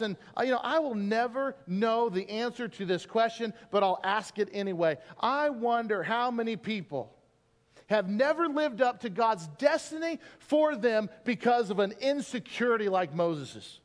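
A middle-aged male pastor delivers a sermon in a church sanctuary. His voice sits high and bright, and he slips into animated impressions of the figures in his stories. Long reverb from the hall trails each phrase. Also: moderate pace. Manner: animated storytelling, acting out biblical figures.

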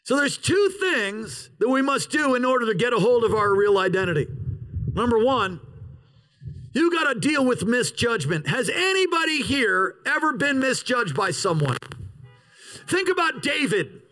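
A man in his fifties from the United States preaching a sermon as pastor, animated, sometimes shouting and sometimes slowing down hard for emphasis. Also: very high-pitched, poor audio.

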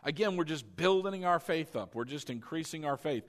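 A man preaching a sermon as pastor, animated and coaxing his congregation to repeat lines after him. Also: a little high, normal speed, few pauses.

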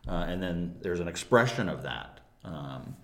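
Deep calm guy teaching bible stuff in a chat, steady pace, roomy echo. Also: vocal fry. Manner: measured, gently instructive. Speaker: co-host of a Christian discussion. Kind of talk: casual chat about scripture.

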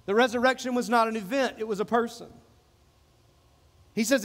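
A man's voice: very high-pitched, a little fast, long pauses, long reverb tail. A man preaching a sermon as pastor, repeating phrases and acting out the people in the passage. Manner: preaching with repetition, acting out quoted voices.

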